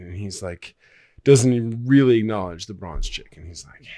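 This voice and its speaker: A man's voice: lowish voice, animated, normal speed, warm tone, no echo. A man on a podcast, a screenwriter guest, casually retelling a story in a rambling way and swearing loosely. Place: podcast studio.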